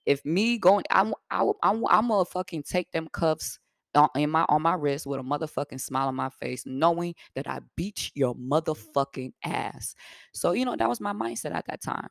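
A young woman from Africa hosting a podcast, telling a story in a blunt, profane, animated way. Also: low voice, fairly quick, vocal fry, no echo, clean studio sound. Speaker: podcast host. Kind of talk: casual storytelling.

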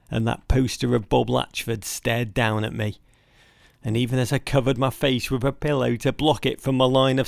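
A man's voice: mid-range voice, gravelly, dry recording, clean studio sound. An English man in his fifties telling a comic story as podcast host, wry and mock-grand. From Liverpool area, England.

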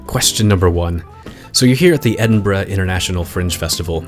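A man's voice: low-pitched, fast talker, faint music behind. A man hosting a podcast, talking in a chatty, casual way with fillers and laughs. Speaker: podcast host.

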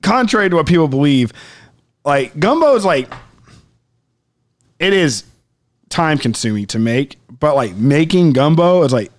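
Lively Cajun man telling a story. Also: fairly high pitch, unhurried, pauses often. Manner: storytelling with quoted voices, swearing, laughing. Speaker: podcast co-host. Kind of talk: casual chat.

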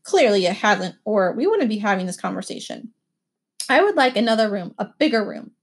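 A woman's voice: mid-range voice, very animated, a little fast, breathy edge. A woman reading the lines of a fussy, demanding adult male motel guest in a complaining, insistent way. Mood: displeased.

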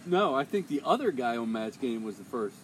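A man hosting a casual chat, trading quick reactions and banter in a noisy vehicle. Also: mid-range voice, very animated, recorded from a distance. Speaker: host.

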